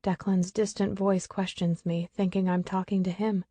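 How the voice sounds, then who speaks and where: A woman's voice: mid-range voice, little pitch movement, normal speed, dark tone, dry recording. A woman narrating a first-person audiobook with an emotional, tearful delivery.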